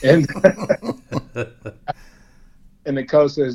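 A man's voice: mid-range voice, extremely slow, a little mellow, husky, rough recording. A man from Indiana, a guest on an interview show, telling self-deprecating stories about his youth with frequent laughs and restarts. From Indiana, USA. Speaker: guest, former player. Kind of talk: storytelling in a conversation.

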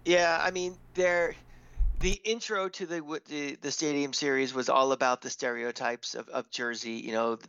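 A man's voice: medium pitch, fairly even intonation, moderate pace, vocal fry, fairly bright tone, clean tone, no echo. A man co-hosting a sports podcast in casual chat, rambling with lots of "you know", with a light Long Island accent. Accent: mixed Long Island and Florida. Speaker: podcast co-host. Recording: slightly dull lo-fi mic.

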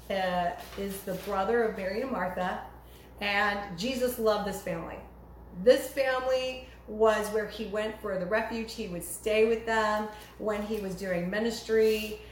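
Preaching in an unhurried, mid-range voice, a woman delivers an emphatic sermon that leaps sharply upward whenever she quotes cries to God. Faint noise and room echo fill the recording.

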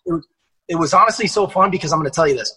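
A man's voice: on the high side, very fast, pushed and bright, slightly rough, poor audio. A young man guesting on a podcast, chatting casually and energetically, swearing and using lots of fillers. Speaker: actor guest.

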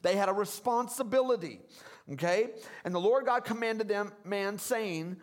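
High-voiced pastor preaching with energy. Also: male voice, normal speed. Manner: energetic call-and-response preaching, urging the congregation to repeat words; conversational and jokey, with casual asides. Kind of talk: sermon.

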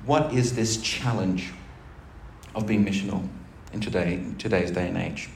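A man's voice: low voice, moderate pace, creaky, a little mellow. Pastor guy preaching, chatty and jokey, echoey church, bit of hiss. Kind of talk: sermon. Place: church hall. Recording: roomy church recording with faint noise.

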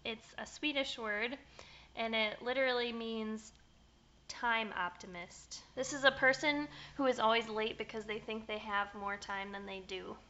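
A woman's voice: fairly high pitch, fairly even intonation, measured pace, sharp tone. A young woman co-hosting a podcast, chatting casually and playfully. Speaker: podcast co-host. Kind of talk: casual chat. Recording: dull, lo-fi podcast audio.

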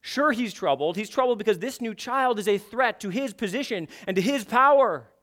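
High-voiced preacher, emphatic. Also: male voice, expressive, normal speed. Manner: emphatic, building to forceful peaks. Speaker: pastor. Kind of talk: expository sermon.

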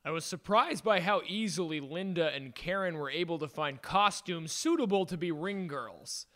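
A man playing an earnest, high, bright-voiced neighbor. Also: normal speed, close to an everyday voice. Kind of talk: improvised comic storytelling in character.

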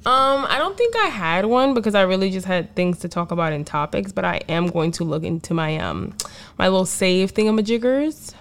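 A woman chatting casually with a co-host, her pitch rising and falling a lot. She talks loosely, trails off into fillers and swears now and then. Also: animated, fairly quick, slight background noise. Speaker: podcast co-host. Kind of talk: casual chat.

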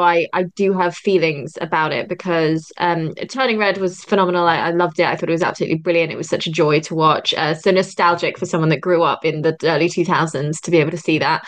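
Gushing young woman podcast guest. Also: lowish voice. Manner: gushing, emotional, laughs often. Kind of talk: casual roundtable chat.

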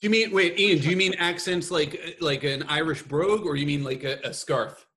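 A man's voice: on the high side, normal speed, pushed and bright. A man on a podcast panel, trading wisecracks in casual banter. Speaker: regular panelist.

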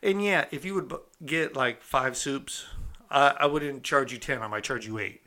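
A man's voice: mid-range voice, normal speed, sharp tone. A man casually telling a story from his own past in a streetwise, conversational way, often checking in with the listener. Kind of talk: casual first-person storytelling.

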